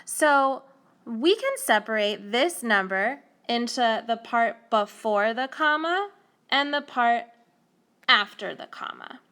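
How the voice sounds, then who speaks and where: Slow, careful woman teaching math. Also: a little high, lively intonation, pushed and bright, clean tone. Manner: slow, careful explaining to children. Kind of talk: whiteboard math lesson. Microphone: tablet recording.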